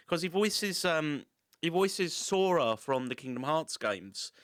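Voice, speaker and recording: A man's voice: a little high, animated, unhurried, a bit bright, smooth, no echo, studio quality. A man, hosting a podcast in casual chat, swearing and joking. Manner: sweary, laughing banter. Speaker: podcast host.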